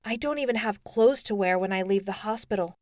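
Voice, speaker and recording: Woman reading as a tearful teen girl, mid-pitched and dry, audiobook character voice. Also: fairly quick, darkish tone, no room sound, natural voice. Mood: distressed. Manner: tearful, earnest pleading. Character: teenage girl, upset and vulnerable.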